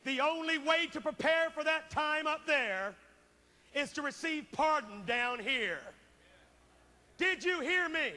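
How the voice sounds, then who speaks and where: A man preaching a revival sermon, swinging between impassioned shouting and hushed pleading. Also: very high-pitched, animated, slow pace, in a large hall. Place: large church auditorium.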